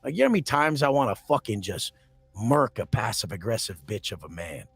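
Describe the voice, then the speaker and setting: A man's voice: lowish voice, sing-song, brisk, gravelly, a bit bright, slightly rough, dry recording. A man as a podcast guest, telling blunt, aggressive stories and swearing constantly, often acting out confrontations. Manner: acts out quoted confrontations. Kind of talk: profane storytelling in a podcast interview.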